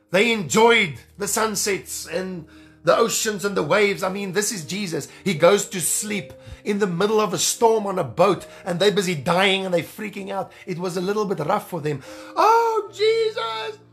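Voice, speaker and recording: A man preaching a sermon as an evangelist, fervent and animated, repeating phrases for emphasis. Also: sits high, normal speed, soft background music.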